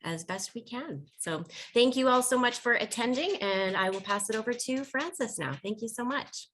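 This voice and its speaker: A woman's voice: fairly high pitch, animated, normal speed, fairly bright tone, a little hiss or hum. A woman hosting a webinar, going through practical announcements in a friendly way with a few fillers. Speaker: webinar host. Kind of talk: housekeeping announcements.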